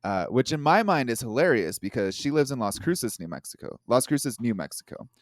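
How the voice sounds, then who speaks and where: Man, podcast guest, lively swooping pitch, dry close sound, casual chat. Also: fairly quick, no echo. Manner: lively, playful voices for quotes.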